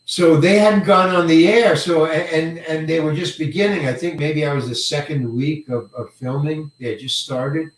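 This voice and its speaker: An older male actor telling a career story in an interview, halting and rambling, often repeating words and chuckling. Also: a little high, fairly even intonation, a little hiss or hum. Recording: roomy echo, mic set far away.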